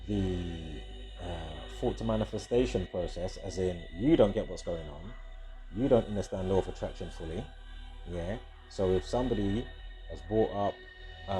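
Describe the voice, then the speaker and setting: A man's voice: on the low side, dark tone. A man, rambling casually and profanely through a video monologue, often stopping to correct himself. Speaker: video host. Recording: faint background music. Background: faint music.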